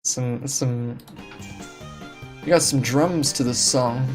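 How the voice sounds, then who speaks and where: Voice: mid-range voice, slow pace, soft background music. Rambling, chuckling game streamer. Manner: rambling, laughing, self-deprecating. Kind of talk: casual live-stream chat. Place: home room.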